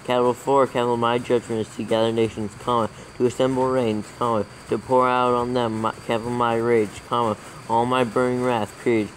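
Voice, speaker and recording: A man reading scripture aloud for proofreading, dictating every capital letter and comma in a steady, even way. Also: mid-range voice, brisk, few pauses, slight background noise, low-quality recording. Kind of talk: dictating text with spoken punctuation.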